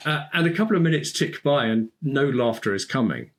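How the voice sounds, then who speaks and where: A man with an ordinary mid-pitched voice sits as a guest on a podcast. He tells his stories with plenty of energy and laughs easily along the way. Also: a little fast. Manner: animated, laughs often while telling stories. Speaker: podcast guest, speaking coach. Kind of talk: storytelling in conversation.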